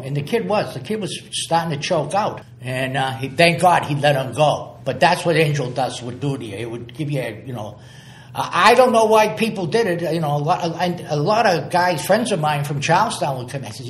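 A man's voice: a little high, expressive, normal speed, slight background noise. Rambling older man. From Somerville, Massachusetts. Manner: rambling, repeats words, acts out quotes. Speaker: guest. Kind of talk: casual storytelling interview. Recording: echoey room.

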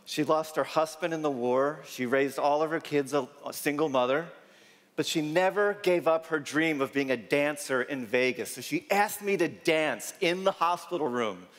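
A man's voice: on the high side, normal speed, a bit bright. A man, a doctor, telling a story in a keynote talk with punchy, dramatic repeated lines. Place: large conference hall. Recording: long reverb in a big hall.

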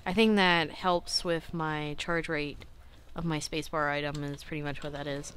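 A young adult woman hosting a casual let's-play, chatty and self-critical, clearing her throat often and breaking into excited outbursts. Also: low voice, moderate pace. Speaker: gaming channel host.

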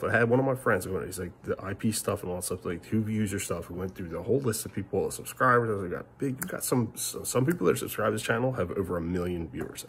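Middle-aged guy ranting into his vlog, rambly, mutters and swears, low-ish voice. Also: slight background noise. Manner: frustrated, rambling, swings between loud outbursts and muttered curses. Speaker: family vlogger.

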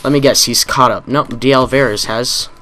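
A man's voice: medium pitch, steady tone, normal speed, pushed and bright, soft background music. Frustrated man ranting over gameplay. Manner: ranting, frustrated, swearing often. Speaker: gaming channel host. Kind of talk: live gameplay commentary. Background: game gunfire.

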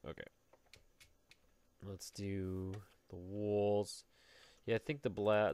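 Man, lowish voice, playful rambling gameplay commentary, faint background hiss. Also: darkish tone. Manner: jokey, rambling, talks to himself while building. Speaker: Let's Play host. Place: at home.

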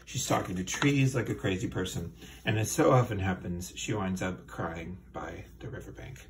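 A man's voice: low voice, normal speed, background noise. A man hosting a comedy show, reading a children's book aloud with dry, sardonic asides.

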